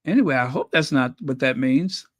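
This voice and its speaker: A man's voice: mid-range voice, animated, moderate pace, dry recording. A man hosting a casual livestream, reading viewers' messages aloud in a chatty, apologetic way and laughing nervously. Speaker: channel host reading live chat.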